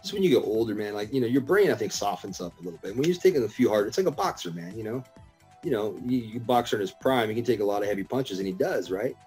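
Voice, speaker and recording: A man's voice: on the low side, animated, quick pace, darkish tone, soft background music. A middle-aged man chatting as a podcast guest, telling stories full of swearing and laughter. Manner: profane, laughing storyteller. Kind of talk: casual podcast chat.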